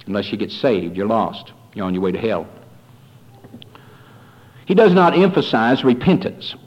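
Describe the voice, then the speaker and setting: A man preaching a fiery sermon, swinging from quiet warnings to loud rising appeals, calling his listeners folks. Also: mid-range voice, dull audio. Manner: addresses listeners as "folks", repeats phrases.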